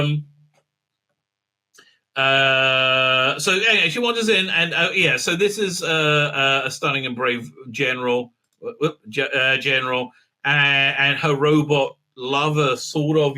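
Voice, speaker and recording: A man's voice: mid-range voice, pushed and bright. A man hosting a casual spoken review, talking sarcastically, with many filler sounds and mocking impressions. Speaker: show host reviewing episodes.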